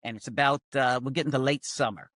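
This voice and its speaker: An older male comedian telling a lively, self-mocking story in casual chat. He acts out quoted voices and fills gaps with "blah, blah, blah". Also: medium pitch, fast talker, no echo, studio quality. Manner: wry, self-mocking humor. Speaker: comedian guest.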